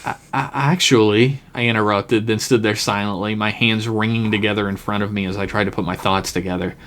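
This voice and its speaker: A man narrating his own comic story on a podcast in a wry, deadpan manner. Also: on the low side, fast.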